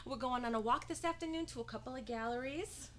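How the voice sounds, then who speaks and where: A woman's voice: high-pitched, quick pace, lightly acted. An actress performing a stage comedy monologue as a chirpy young woman gushing about a date, giggly and chatty. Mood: bubbly. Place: acting studio stage before an audience. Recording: noticeable background noise.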